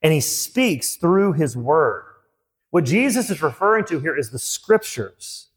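A man's voice: on the high side, big pitch swings, measured pace. A middle-aged man preaching a sermon as a pastor, earnest and emphatic, repeating key phrases. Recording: long hall reverb.

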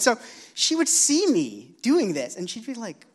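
Man, preacher, sermon, earnest, animated intonation, storytelling. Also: very high-pitched, unhurried, breathy edge.

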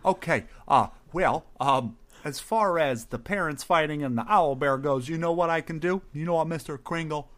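Guy doing a hammy santa, booming ho ho ho, stumbles over his words, kinda high. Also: normal speed, hardly any pauses, fairly bright tone, lightly acted. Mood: scheming. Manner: booming ho-ho laugh, hammy and stammering. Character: jolly pushy male Santa in a fantasy bar.

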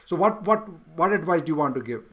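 Halting, higher-voiced middle-aged father. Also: lively intonation. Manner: halting, many restarts and fillers. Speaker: father, podcast co-host. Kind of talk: casual conversation with his son.

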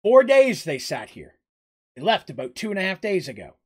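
A man's voice: sits high, wildly swooping pitch, moderate pace, full character voice. A man voicing a nervous, stammering village innkeeper who pleads anxiously. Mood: frustrated.

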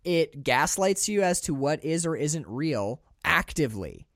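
A man co-hosting a podcast, talking through a film in a casual, animated, profane way. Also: fairly high pitch, measured pace, no echo, studio quality. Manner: animated, profane, restarts often. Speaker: podcast co-host.

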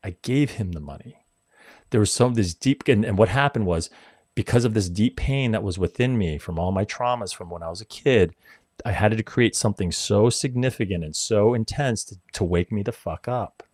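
Low-voiced man telling a story. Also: moderate pace, no echo, studio quality. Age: 40s. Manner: animated, swearing, acts out quotes. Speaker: podcast guest. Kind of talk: casual storytelling.

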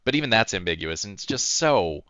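Low smooth guy picking apart a movie, dry dull-sounding close mic. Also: very animated, fairly quick, sharp tone. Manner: dry, analytical commentary. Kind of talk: casual movie review chat.

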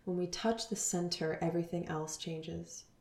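A woman in her thirties hosting a spiritual podcast, talking earnestly and dropping into soft whispers. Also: lowish voice, little pitch movement, moderate pace, vocal fry, reverberant. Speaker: podcast host.

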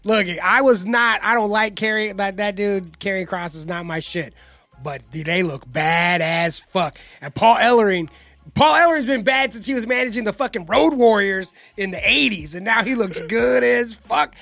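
A podcast host telling rambling, profane stories in casual chat. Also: male voice, high voice, moderate pace, vocal fry, pushed and bright, dry recording, soft background music.

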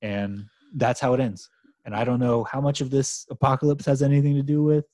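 A man's voice: mid-range voice, a little fast, dry recording. A man co-hosting a podcast, chatting animatedly about comics with lots of swearing and false starts. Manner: animated, swearing, trailing restarts. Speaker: podcast co-host. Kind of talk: casual chat about comics.

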